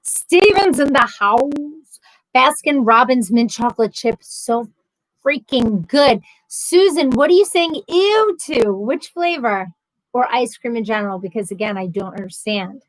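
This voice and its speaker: A woman's voice: on the high side, a little slow, no room sound, poor audio. Chatty woman hosting a livestream. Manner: chatty, sarcastic, reads comments aloud. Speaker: livestream host. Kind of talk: casual chat reading viewer comments.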